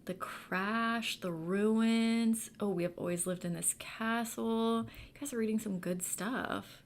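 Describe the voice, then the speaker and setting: A woman's voice: fairly high pitch, steady tone, slow. A woman hosting a book club livestream, chatting casually and reading viewer comments aloud with lots of fillers.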